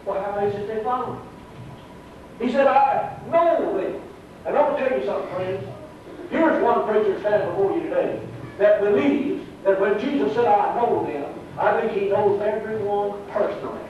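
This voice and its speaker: A man's voice: high-pitched, normal speed, distant mic, slight background noise. A man with a Texan accent preaching a fervent sermon in a church, drawing out emphatic lines and rising suddenly. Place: church sanctuary. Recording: muffled, echoey old church tape from afar.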